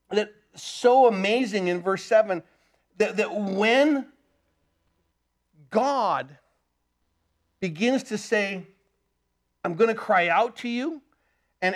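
A man's voice: high-pitched, fairly bright tone. A man preaching a sermon, emphatic and repetitive, often changing his pace as he drives his points home. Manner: emphatic, repeats key phrases, shifts pace often.

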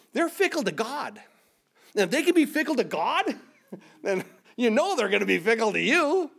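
High-voiced animated male preacher. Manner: animated preaching, reading scripture aloud, rising for emphasis; stumbles and repeats words when searching. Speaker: pastor. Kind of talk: sermon.

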